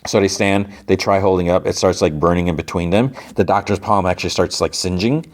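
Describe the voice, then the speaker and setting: A man's voice: sits low, a little fast. A podcast host, a man, casually recapping a TV episode in a rambling way, full of "like" and restarts.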